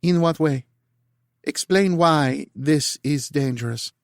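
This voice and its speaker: A man's voice: fairly high pitch, slow pace, vocal fry, dry recording, clean studio sound. A man voicing a blunt, demanding female general. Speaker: narrator voicing character.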